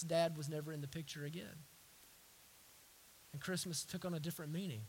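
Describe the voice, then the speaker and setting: A man delivers a sermon in a high, very bright voice. He drops to near-whispers for tender moments, then climbs into forceful, rhythmic repetitions. He often stammers and restarts his phrases. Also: slight background noise. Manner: swings from hushed to forceful repeated declarations. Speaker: pastor.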